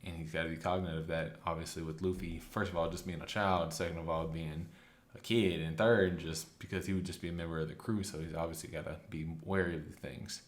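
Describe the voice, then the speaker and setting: Deep-voiced man chatting through a story recap. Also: steady tone. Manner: loose, chatty retelling with quick acted quotes. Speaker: anime recap host. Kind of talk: casual recap.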